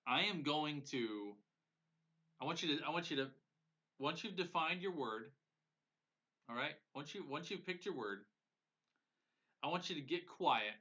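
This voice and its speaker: Earnest bright-voiced male coach, lo-fi. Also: a little high, animated, unhurried, long pauses. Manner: earnest and emotional, repeats phrases for emphasis. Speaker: business coach. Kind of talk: live-streamed motivational coaching. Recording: dull lo-fi audio.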